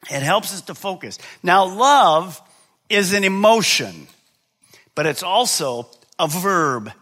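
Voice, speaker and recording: Middle-aged guy preaching, bright kinda high voice, goes quiet then loud, asks the crowd stuff n answers it. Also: expressive, slow pace. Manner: swings from quiet, low asides to loud, high-pitched preaching; asks the congregation questions and answers them himself. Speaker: pastor. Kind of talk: sermon.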